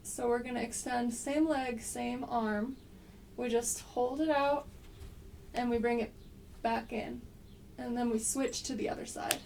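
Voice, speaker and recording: A woman with a slight cold guiding an exercise class, giving gentle, unhurried cues with frequent pauses. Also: on the high side, steady tone, creaky, recorded from a distance, slight background noise. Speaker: movement instructor.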